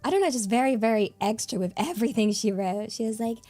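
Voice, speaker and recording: A woman's voice: a little high, expressive, fast, dark tone. Chatty young British woman streamer. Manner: chatty and giggly, full of fillers. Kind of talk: casual chat.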